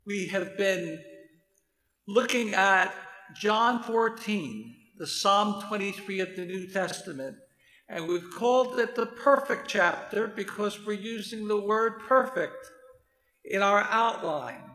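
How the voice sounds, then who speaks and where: A man preaching a sermon in a measured, deliberate way, reading scripture aloud between his own points. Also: sits high, sharp tone. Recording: roomy hall reverb.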